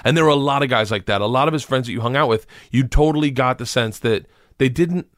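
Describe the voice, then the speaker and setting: Fast-talking man telling a rowdy story. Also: medium pitch, fairly bright tone, no room sound, studio quality. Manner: rambling, profane, acts out voices of people in his stories. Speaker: comedian guest. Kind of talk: casual storytelling.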